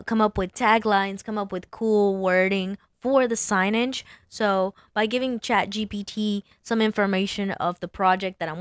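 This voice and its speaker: A woman's voice: mid-range voice, dry recording, studio quality. A woman sign designer talking casually through her design work, thinking aloud and muttering to herself at a desk mic. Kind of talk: casual screen-share design walkthrough.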